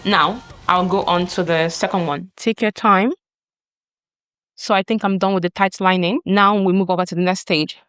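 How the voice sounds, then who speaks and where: A woman's voice: lowish voice, fairly even intonation, moderate pace, fairly bright tone, clean tone. A woman talking casually through a makeup tutorial as she works, chatty and often apologizing along the way. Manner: chatty, apologetic, talks while working. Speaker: beauty vlogger. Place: home, filming herself at a mirror.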